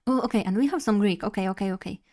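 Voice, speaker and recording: A young woman streamer, Polish by first language, talks casually at a medium pitch in a slightly mellow voice. Her chat wanders a little, and she's quick to laugh at herself.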